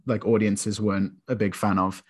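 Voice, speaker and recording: A man's voice: lowish voice, moderate pace. A young man co-hosting a podcast, talking enthusiastically about a film, rambling with restarts. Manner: enthusiastic, rambling, with animated quoted voices. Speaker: podcast co-host. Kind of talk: casual film discussion.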